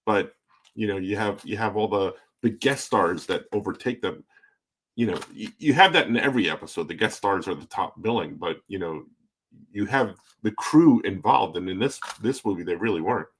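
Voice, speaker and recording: A man's voice: lowish voice, expressive, moderate pace, fairly bright tone, husky. A man co-hosting a podcast, chatting casually with a wry tone and frequent restarts. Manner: wry, repeats words as he restarts. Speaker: podcast co-host. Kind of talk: casual chat.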